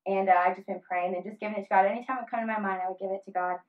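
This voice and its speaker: A woman in her thirties talking earnestly about family and faith in a casual conversation, with many fillers and pauses. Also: medium pitch, fairly even intonation. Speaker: guest. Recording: slightly dull lo-fi audio.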